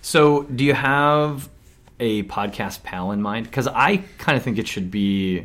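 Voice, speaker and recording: A man co-hosting a casual podcast chat, teasing and animated. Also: mid-range voice, unhurried. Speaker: podcast co-host.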